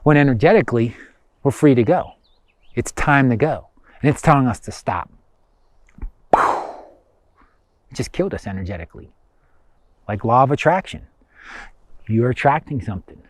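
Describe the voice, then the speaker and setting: A man's voice: medium pitch, animated, normal speed, long pauses, no room sound. Man giving a dry, emphatic pep talk. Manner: conversational, repetitive, emphatic. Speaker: motivational speaker. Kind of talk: motivational self-help talk.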